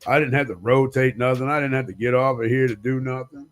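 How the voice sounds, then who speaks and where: A man's voice: medium pitch, fast talker. A man telling crude, profane childhood stories on a live talk stream, acting out the people in them. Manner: profane, animated storyteller, voicing friends and his dad. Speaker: co-host.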